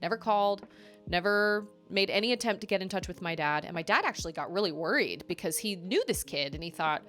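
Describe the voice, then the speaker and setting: A young adult woman, a live streamer, telling stories in a chatty, animated way with quick asides. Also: mid-range voice, soft background music. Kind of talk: casual storytelling on a live game stream.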